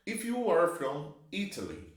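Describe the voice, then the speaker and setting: A man's voice: fairly high pitch, huge pitch swings, unhurried. A man teaching English grammar, explaining patiently and drawing out each example sentence. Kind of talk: slow, clear classroom explanation. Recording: echoey room.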